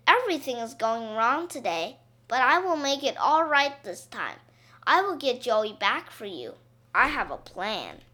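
An eager, earnest little boy of seven from a storybook, as a woman reader puts him on. His voice sits high and bright and bounces up and down, and he talks slowly. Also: very animated, heavily acted. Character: eager helpful seven-year-old boy.

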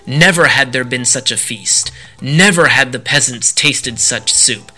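A man reading a folk tale aloud to children in an animated, sing-song storytelling manner. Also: mid-range voice, unhurried, soft background music.

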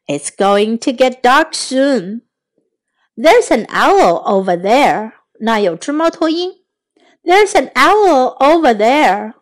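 A woman teaching English to children, repeating each phrase slowly and explaining it in Chinese. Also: high-pitched, sing-song. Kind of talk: bilingual language lesson.

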